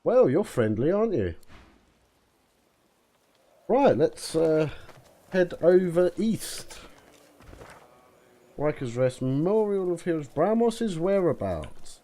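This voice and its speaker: A man's voice: on the high side, very animated, takes it slowly, pauses often, mellow. A man commenting on a game, chatty and muttering to himself. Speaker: gaming video host. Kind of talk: let's play commentary.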